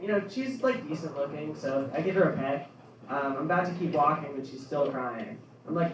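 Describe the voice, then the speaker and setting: A man's voice: fairly high pitch, animated, brisk, slight background noise. A young man performing a rambling stand-up set in a comedy club, full of ums and his own laughs. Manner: rambling, filler-heavy, laughs at own jokes. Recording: echoey club room, distant dull mic.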